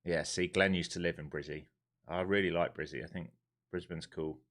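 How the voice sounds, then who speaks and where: Laid-back London man, very low voice. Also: fairly even intonation, normal speed, fairly bright tone. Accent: London English. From London, England. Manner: laid-back, chatty, blunt, swears now and then. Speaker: live-streaming day trader. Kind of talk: casual live-stream chat and market commentary.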